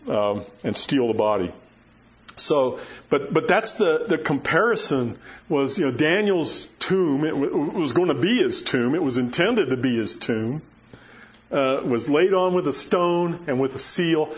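A man's voice: a little high, muffled recording. A male pastor preaching a conversational sermon, often checking in with his listeners. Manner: folksy, asks listeners "right?" and "okay?".

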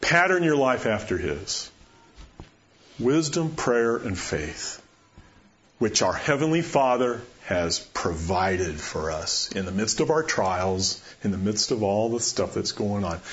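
A man preaching a sermon as pastor, animated, rising to excited questions and dropping to quiet appeals. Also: fairly low pitch, slow pace, dull audio, slight background noise.

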